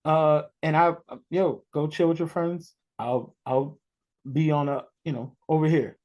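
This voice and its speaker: A man from New York hosting a podcast, chatting casually and telling stories in an animated, excitable way. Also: fairly high pitch, a little slow, lo-fi sound. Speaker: podcast host. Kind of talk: casual interview chat.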